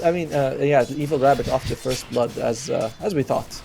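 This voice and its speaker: Gravelly, chatty esports color commentator man. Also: medium pitch, brisk, dark tone. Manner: chatty, thinks aloud with fillers and gasps. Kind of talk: casual esports analysis commentary.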